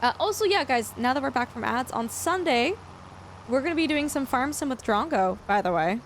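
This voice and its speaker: A woman game streamer with a somewhat high voice chats casually with her viewers. Her talk is loose and rambling, full of fillers as she works through answers. Faint noise sits under the voice. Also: animated, normal speed. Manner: chatty, loose, lots of fillers while answering chat. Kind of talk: casual live-stream chat while gaming.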